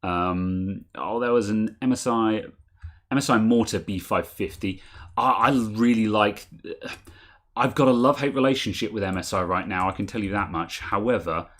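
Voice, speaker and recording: A man's voice: fairly low pitch, normal speed, fairly bright tone. A man co-hosting a casual tech stream over a video call, rambling and correcting himself as he reads viewer comments. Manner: rambling, self-correcting, chuckles often. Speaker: tech podcast co-host reading super chats.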